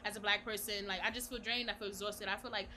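High-voiced young woman, bright and chatty. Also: fast talker, a little hiss or hum. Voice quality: high-pitched voice. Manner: animated, laughs often, many fillers. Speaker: podcast co-host. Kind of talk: casual chat.

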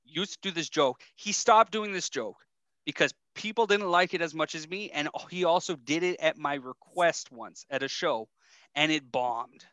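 Bright, laughing young man chatting. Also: fairly high pitch, normal speed, no room sound. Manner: laughing, rambling storyteller. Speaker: podcast co-host. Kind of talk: casual chat.

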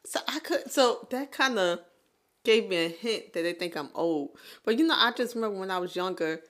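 A woman in her late thirties co-hosting a podcast, chatting casually, laughing often and telling stories with animated energy. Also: mid-range voice, fairly quick. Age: 30s. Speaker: podcast co-host. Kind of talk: casual chat. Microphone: USB condenser microphone.

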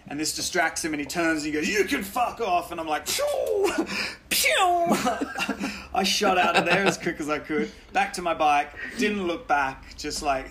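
Animated Australian man telling stories. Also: fairly high pitch, slight background noise. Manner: animated storytelling, swears freely, laughs often. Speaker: guest. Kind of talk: casual podcast chat.

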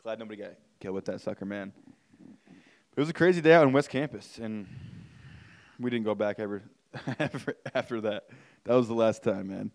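A man's voice: fairly low pitch, a little fast, pauses often. A man, hosting a podcast and telling a story casually and animatedly, swearing and saying "like" and "man" a lot. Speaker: podcast host.

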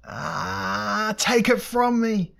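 A man's voice: mid-range voice, fairly even intonation, fairly quick, breathy edge, close to an everyday voice. A man reading an audiobook, voicing a tormented male sorcerer-warrior with strained, pleading cries. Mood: screaming agony.

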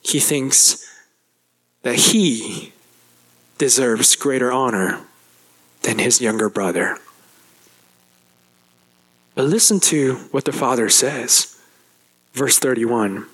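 A man preaches a sermon as pastor, speaking slowly with long pauses in a slightly rough voice. He addresses the congregation directly and asks them questions, animatedly acting out the older brother's complaint with rising pitch.

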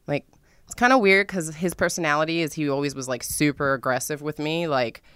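A young woman telling a dramatic, profane story in a casual vlog, with sudden loud outbursts. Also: deep voice, brisk, clear, resonant tone, no echo, studio quality. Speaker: vlogger.

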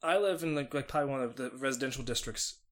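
A man living abroad, talking casually and excitably with friends. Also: medium pitch, quick pace. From foreigner living in Japan. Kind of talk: casual chat.

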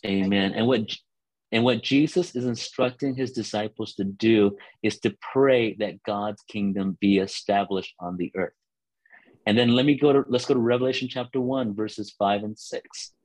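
A man preaching a teaching sermon to listeners on a call line, earnest, often restarting words and slowing down for scripture. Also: on the low side, steady tone, a little mellow, dry recording, rough recording.

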